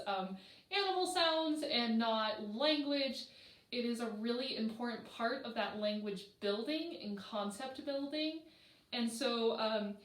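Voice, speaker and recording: A woman librarian reads to babies and leads rhymes in a slow, sing-song voice that sits a little high. She praises the little ones warmly between verses. The sound carries the echo of a roomy space. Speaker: children's librarian. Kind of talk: storytime reading and rhymes for babies. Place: library room. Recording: echoey room.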